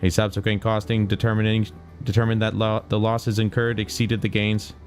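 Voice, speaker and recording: A man voicing a male combat robot soldier in a mechanical monotone while reading game dialogue aloud. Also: fairly low pitch, a little fast, soft background music, lightly acted. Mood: robotic.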